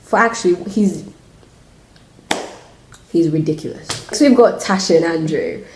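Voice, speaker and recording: A woman's voice: on the low side, animated, unhurried, a little mellow, a little hiss or hum. Ranting woman in an echoey room. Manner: opinionated ranting with many "like" fillers. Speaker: reality show reviewer. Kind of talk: casual review vlog. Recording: roomy echo.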